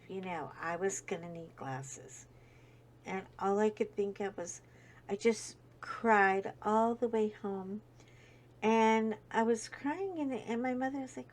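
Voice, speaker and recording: A woman's voice: medium pitch, takes it slowly. A woman hosting a chat video, telling a heartfelt personal story in a rambling way with many fillers. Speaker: host. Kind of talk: casual storytelling.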